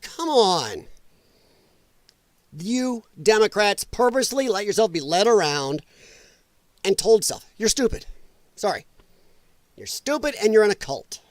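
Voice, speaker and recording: A man's voice: high voice, dry recording. A male livestream host giving blunt, mocking political commentary with a casual, ranting delivery.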